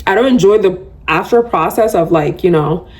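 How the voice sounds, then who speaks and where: Fairly low in pitch and speaking at a normal pace, the podcast host chats solo with her audience. She laughs frequently and describes herself as a big fan of yapping.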